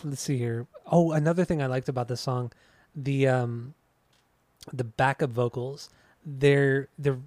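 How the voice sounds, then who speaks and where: A man's voice: mid-range voice, fairly even intonation, measured pace, a little mellow, no room sound. A man co-hosting a podcast in casual chat, rambling and swearing easily as he talks about music. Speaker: podcast co-host.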